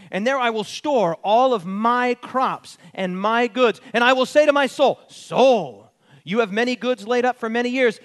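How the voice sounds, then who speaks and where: Self-satisfied rich farmer man, a preacher reading him, high and animated. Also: full character voice. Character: smug rich farmer man planning bigger barns.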